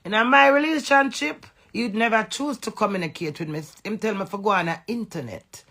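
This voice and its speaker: A middle-aged Jamaican woman in a heated, profane rant aimed at her husband, confrontational and forceful. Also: medium pitch, brisk. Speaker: social media personality. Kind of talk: angry rant to camera.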